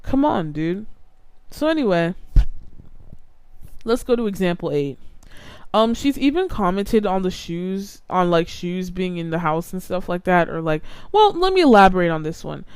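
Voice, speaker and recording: A woman's voice: lowish voice, big pitch swings, normal speed, darkish tone, clean tone, no echo. A young adult woman hosting a podcast, ranting casually and with exasperation, full of "like" fillers. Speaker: podcast host.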